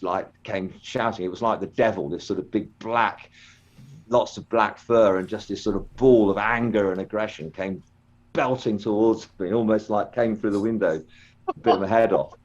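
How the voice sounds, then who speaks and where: Older guy, low voice, muffled lo-fi sound, rambles on with lots of ums. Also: darkish tone. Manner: rambling, hesitant, many ums and restarts. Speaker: interview guest, former children's TV actor. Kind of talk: casual storytelling interview. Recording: dull lo-fi call audio.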